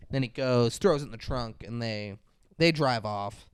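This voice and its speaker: A man's voice: mid-range voice, normal speed, clean tone. A man co-hosting a podcast, casually recapping a film, swearing freely and acting out the characters' lines. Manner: profane, retells scenes acting out lines. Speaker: podcast co-host. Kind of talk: casual movie recap chat.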